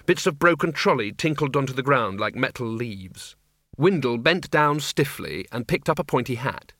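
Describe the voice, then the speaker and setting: A man narrates a comic fantasy audiobook at a mid pitch with a wry, measured delivery. His tone is bright and crisp, recorded dry and close. He keeps an even storytelling pace throughout. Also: dry recording.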